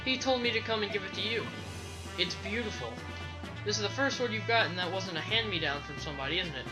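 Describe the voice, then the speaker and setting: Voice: medium pitch, fast talker, natural voice, rough recording. A let's play commentator voicing a cheerful, chatty young girl, with game music playing behind.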